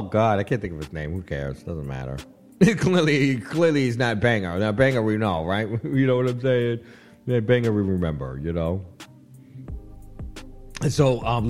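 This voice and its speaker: Playful radio host man, lively pitch. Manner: playful, laughing often, rambling asides. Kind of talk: casual radio chat.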